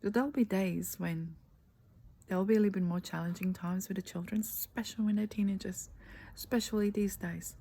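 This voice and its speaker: Dark-voiced woman coaching softly. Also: medium pitch, fairly even intonation, rough recording. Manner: earnest, slow and emphatic, often dropping to a breathy near-whisper. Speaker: life coach. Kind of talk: motivational talk. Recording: faint background noise.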